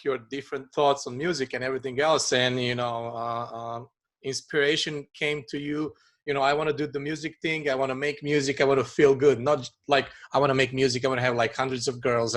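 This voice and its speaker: A man's voice: mid-range voice, fairly bright tone. A man hosting a casual chat with a producer, musing at length about the music business. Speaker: podcast host.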